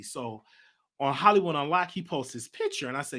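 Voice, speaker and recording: A man hosting his own show, telling a story in a chatty, animated way with slang asides. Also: fairly high pitch, brisk. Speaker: host. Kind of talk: casual livestream talk.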